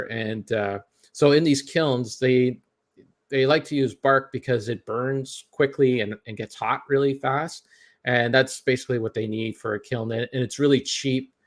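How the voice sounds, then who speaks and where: A Canadian man with a Canadian accent, telling a long story in casual podcast chat, full of fillers and restarts. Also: mid-range voice. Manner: rambling, many fillers and restarts.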